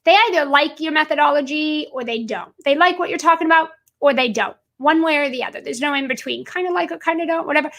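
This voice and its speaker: A woman's voice: sits high, fast, few pauses, a bit bright. A woman business coach giving an emphatic live video talk, repeating her points and calling her audience "guys".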